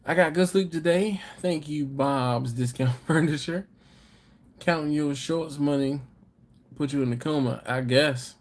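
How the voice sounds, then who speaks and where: A man's voice: on the high side, measured pace. A man hosting a live stream, casually chatting and reading viewer comments with easygoing chuckles. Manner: laid-back, chuckling, chatty asides to viewers.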